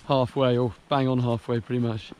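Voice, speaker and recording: A man's voice: medium pitch, little pitch movement, moderate pace, a little mellow, a little hiss or hum, low-quality recording. A young man from England vlogging a long all-night charity walk outdoors, tired and self-mocking, chatting into a handheld camera. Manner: tired, self-mocking, laughing between remarks. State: weary from walking all night. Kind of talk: casual walking vlog. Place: outdoors on a coastal route.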